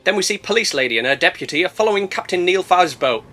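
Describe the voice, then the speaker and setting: Lively, sarcastic man. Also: sits high, fast talker. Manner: sarcastic, profane, jokey. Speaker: film reviewer. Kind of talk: comedic movie review narration.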